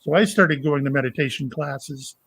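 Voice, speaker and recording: Older man from Florida, somewhat higher voice, talks in starts and stops; guest telling personal stories. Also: fairly bright tone, breathy edge. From Florida, USA. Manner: rambling, halting, with many fillers and restarts. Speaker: psychic medium and retired police officer. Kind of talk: casual storytelling interview.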